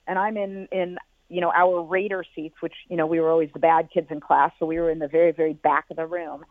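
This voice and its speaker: A woman, a former football team executive, answering interview questions in an articulate, measured way and telling lively anecdotes. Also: low voice, no room sound. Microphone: telephone. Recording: tinny phone line.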